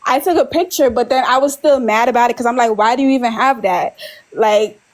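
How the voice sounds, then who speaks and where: A woman's voice: on the high side, fairly quick, low-quality recording. Young woman telling a messy story. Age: 20s. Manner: rambling, nervous laughter, many "like"s. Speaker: caller on a live stream. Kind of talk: casual confessional storytelling.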